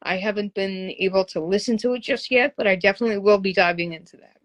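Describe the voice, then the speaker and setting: A woman's voice: mid-range voice, fast talker. A woman hosting a casual interview, talking like an eager fan who often exclaims. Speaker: interviewer, host.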